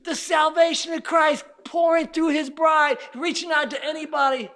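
A man preaching a sermon, calling out to the congregation, shouting his exclamations and at times dropping to a near whisper. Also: extremely high pitch, steady tone, normal speed, a little hiss or hum.

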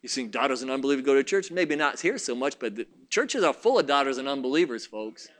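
A man's voice: mid-range voice, lively intonation, quick pace, a bit bright. A man preaching a sermon, fervent and repetitive, talking straight to his congregation.

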